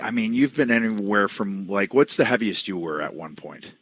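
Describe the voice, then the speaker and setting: A man's voice: on the low side, animated, normal speed, breathy edge, no room sound. A man co-hosting a podcast, chatting in an easygoing, joking way. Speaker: podcast co-host. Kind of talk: casual chat.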